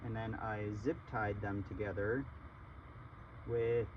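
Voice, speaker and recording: A man casually chatting through a gardening how-to in his garden, relaxed and chatty with frequent ums. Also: on the low side, slow pace, lo-fi sound, a little hiss or hum. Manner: relaxed, chatty, laughs easily, many ums. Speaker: gardening vlogger. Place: outdoor garden in the morning.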